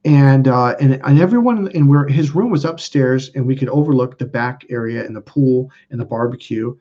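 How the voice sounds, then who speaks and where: A man's voice: medium pitch, moderate pace, dark tone, dull audio. A man telling a personal story as a self-help video host, rambling and cutting himself off mid-sentence. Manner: rambling, self-interrupting, casual with profanity.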